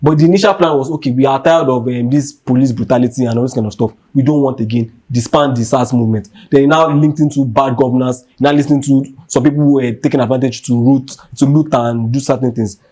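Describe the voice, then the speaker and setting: A man's voice: mid-range voice, fairly even intonation, fast talker, few pauses, mellow. A young Nigerian man hosting a podcast, ranting with heat and emphasis, driving his points home by repeating them. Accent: Nigerian English. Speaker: podcast host. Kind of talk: impassioned rant.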